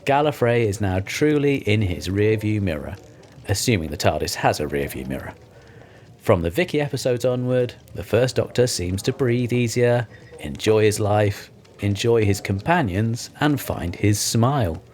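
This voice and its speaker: A low-voiced man co-hosting a casual podcast. He reads a listener's note aloud and teases his co-host with dry, wry humour. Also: lively intonation, normal speed, darkish tone. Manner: wry, teasing. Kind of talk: casual chat, reading a listener message.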